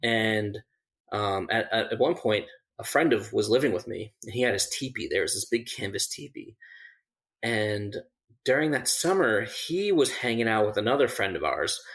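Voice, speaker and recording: A man's voice: on the low side, animated, moderate pace, fairly bright tone. A man, a survival instructor, casually telling a story on a podcast, with many fillers and restarts and laughing at the funny parts. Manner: laughs through funny moments.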